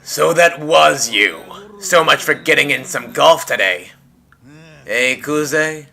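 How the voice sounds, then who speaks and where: A man reading aloud as a brash, crude male yakuza lieutenant in a video game, loud and blustery. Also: a little high, lively intonation, slow pace, creaky, full character voice. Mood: mocking. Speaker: let's play streamer.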